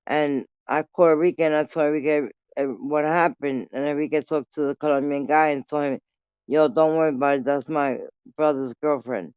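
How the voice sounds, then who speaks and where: A woman telling a story casually on her vlog, animated and full of swearing. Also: sits low, fairly quick, clean tone, no room sound, muffled recording. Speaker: vlogger.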